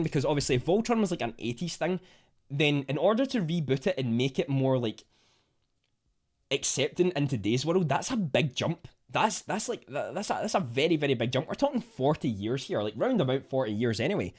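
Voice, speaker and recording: A young man with a Scottish accent chatting casually on a livestream, reading out viewer comments with bursts of excitement. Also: medium pitch, fairly quick. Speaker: livestream host.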